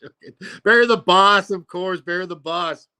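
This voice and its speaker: Guy rambling on his livestream, swears a lot, kinda high voice. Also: normal speed, bright, forceful tone, clear, resonant tone. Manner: rambling, profane, lots of "you know, man". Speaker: livestream host. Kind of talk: casual livestream chat.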